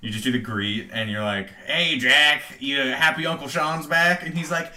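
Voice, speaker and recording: A man's voice: medium pitch, moderate pace, bright, forceful tone, a little hiss or hum. A young man co-hosting a casual podcast, joking and self-deprecating, mimicking his friends. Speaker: podcast co-host. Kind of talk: casual chat.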